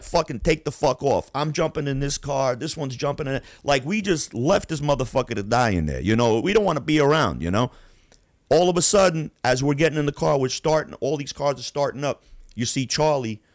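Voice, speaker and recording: A man from Queens, hosting a podcast and telling stories in a profane, animated way. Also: mid-range voice, fairly quick, no echo, studio quality. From Queens, New York. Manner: animated, profane, acts out voices. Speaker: podcast host. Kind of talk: casual storytelling.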